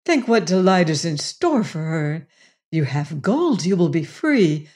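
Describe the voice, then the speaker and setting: A woman reading a soft-spoken generous rancher woman. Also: fairly low pitch, big pitch swings, measured pace. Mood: tender. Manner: soft, earnest, musing.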